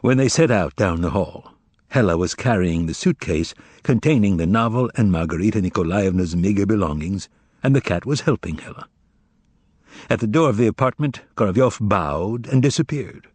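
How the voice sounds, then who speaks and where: A man reading an audiobook in steady scripted narration. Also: sits low, moderate pace, no echo.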